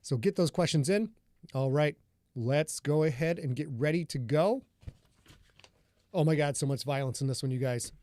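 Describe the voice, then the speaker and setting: A man's voice: a little high, moderate pace, long pauses, a little mellow, no room sound. A man from northern Michigan, an author hosting a live stream, talking in a rambling, chatty way and greeting viewers in the chat.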